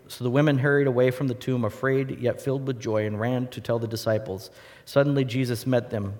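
A man preaching a sermon to a congregation, telling stories in a lively way and acting out the voices. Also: medium pitch, brisk, long reverb tail. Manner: animated storytelling, acts out voices.

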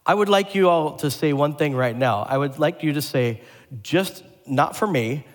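A pastor delivering a lively sermon, asking the congregation questions and joking with them. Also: male voice, on the high side, moderate pace. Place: church sanctuary. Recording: long hall reverb.

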